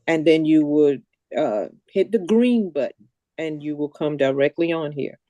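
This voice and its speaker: Chatty woman host with a mellow voice. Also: sits low, animated, measured pace, no echo. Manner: chatty, meandering instructions. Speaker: host of online comedy marathon. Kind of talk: casual hosting over a video call. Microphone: video call.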